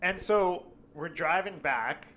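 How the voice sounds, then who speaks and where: A man with a bright, slightly raised voice tells a story in casual chat. He swears constantly and acts out what people said. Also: on the high side, slow pace. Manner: swears constantly, animated retelling with acted quotes.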